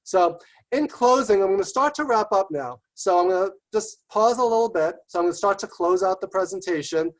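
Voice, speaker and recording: A man giving a webinar presentation, talking quickly and enthusiastically and checking in with "right?" often. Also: high voice, lively intonation, rough recording. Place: remote webinar.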